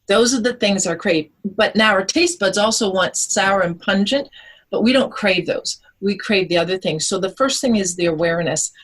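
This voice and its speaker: A woman, a holistic nutritionist, explaining things in an animated way on a radio interview. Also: mid-range voice, normal speed, low-quality recording. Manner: animated, explanatory, acts out quotes.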